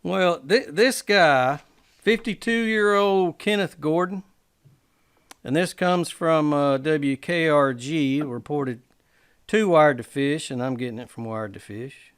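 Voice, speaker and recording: Slow-talking man, smooth voice. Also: on the high side. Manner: slow, drawn-out storytelling with hesitations. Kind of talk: casual podcast chat.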